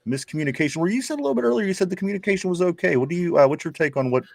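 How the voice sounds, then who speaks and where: A man's voice: high voice, animated, rapid-fire, gravelly, a little mellow, dry recording, studio quality. A man hosting a casual sports talk show, reading viewer comments aloud in a chatty way with frequent restarts. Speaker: podcast host.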